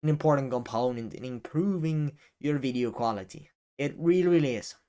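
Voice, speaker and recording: A young YouTuber gives casual advice to camera in a medium-pitched, dark voice, speaking fairly quickly with lively intonation. He rambles, restarting often, leaning on fillers and dropping the occasional swear word.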